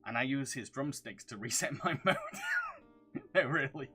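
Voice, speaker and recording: A man's voice: medium pitch, huge pitch swings, a little slow, sharp tone, soft background music. A young man from the north of England, a video reviewer chatting casually through viewer questions on a livestream, rambling and humming filler syllables between them.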